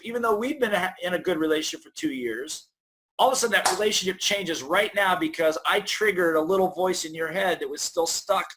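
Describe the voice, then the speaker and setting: A middle-aged man, a guest author, talking in a lively, storytelling way in an interview and acting out the voices in his head. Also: high-pitched. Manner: energetic storyteller, acts out inner voices. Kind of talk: conversational interview.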